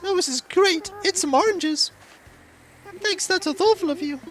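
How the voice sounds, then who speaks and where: A streamer reading an excitable animal villager's lines in a raised, bright, peppy voice. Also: extremely high pitch, normal speed, voice pushed up, poor audio.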